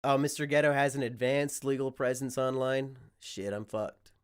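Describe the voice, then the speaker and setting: A man's voice: mid-range voice, level tone, moderate pace, clear, resonant tone. A man with a sick voice chatting casually on a livestream, rambling and swearing freely. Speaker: streamer.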